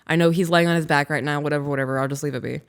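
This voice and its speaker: A woman's voice: low voice, fairly even intonation, racing. A young adult woman co-hosting a casual podcast, laughing often and acting out what she and her husband said. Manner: laughs often, acts out quoted lines. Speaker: podcast co-host. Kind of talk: casual chat.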